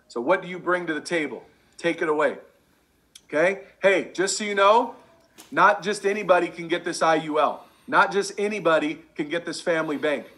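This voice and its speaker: A man coaching a sales team, energetic and repetitive, drilling catchphrases over and over. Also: fairly high pitch. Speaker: sales trainer. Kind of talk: energetic sales training talk.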